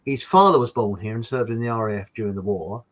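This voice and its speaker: A man's voice: lowish voice, fast talker, low-quality recording. An English man chatting as a guest, telling rambling anecdotes with frequent restarts. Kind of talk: casual chat.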